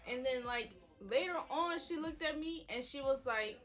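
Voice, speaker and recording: A woman's voice: high-pitched, moderate pace, fairly bright tone, faint music behind. A woman in her twenties, a vlogger, candidly telling her story to viewers in a chatty way. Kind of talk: emotional story time to viewers.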